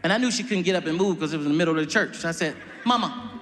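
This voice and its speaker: A male comedian telling stories in an animated, punchy way, often laughing. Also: a little high, rapid-fire, slight background noise. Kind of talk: stand-up storytelling.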